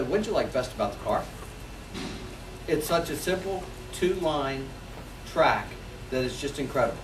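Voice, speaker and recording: A sales trainer in his forties runs a seminar, energetically acting out customer phone calls in a fairly high voice. The mic sits at a distance in an echoey room, with a noisy background.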